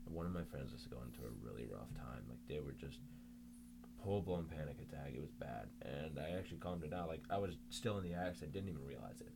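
A man's voice: extremely low pitch, animated, fairly quick, creaky, noisy background. A young man chatting casually as a podcast guest, rambling with lots of filler words and restarts.

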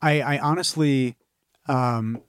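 A man's voice: medium pitch, takes it slowly, clear, resonant tone, no room sound, clean studio sound. A man co-hosting a movie podcast in casual chat, loose and profane, rambling with enthusiasm. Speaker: podcast co-host.

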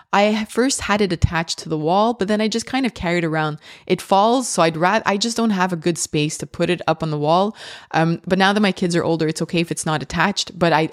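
A woman's voice: fairly low pitch, no echo, studio quality. A woman hosting a podcast, a parent of young children, talking in a chatty, enthusiastic way with frequent fillers and restarts. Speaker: podcast host. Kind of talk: casual podcast monologue.

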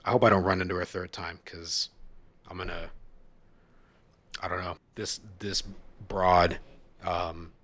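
A man's voice: low voice, unhurried, pauses often. A man on a podcast telling crude stories in a casual chat, swearing freely and acting out the people he describes. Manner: profane, animated storyteller, mimics shouting people.

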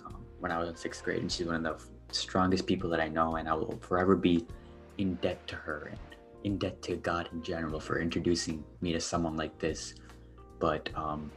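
Brief: low-voiced teen guest on a podcast, earnest and faltering, with faint music underneath. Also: male voice, a bit bright. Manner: earnest, hesitant, many fillers. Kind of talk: personal storytelling on a podcast.

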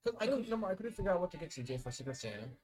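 A man's voice: high-pitched, very animated, rapid-fire, darkish tone. A man co-hosting a casual chat who tells self-deprecating stories and often stumbles and repeats his words. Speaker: podcast co-host.

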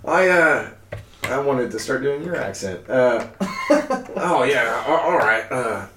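A man's voice: mid-range voice, lively intonation, unhurried, pushed and bright, recorded from a distance, pitched above the performer's own voice. A man voicing a cheerful, folksy old male farmer who rambles and stumbles over his words. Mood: chatty, flustered. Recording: echoey room, off-mic, faint hiss.

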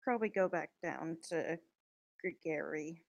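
A woman playing in a tabletop game, speaking quietly and offhandedly. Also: deep voice, a little slow, highs cut off. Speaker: player.

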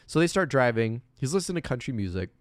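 A man in casual chat recapping a movie plot, animated and acting out scenes in exaggerated voices. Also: fast talker, no room sound. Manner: animated, acts out scenes with big high-pitched voices. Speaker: co-host.

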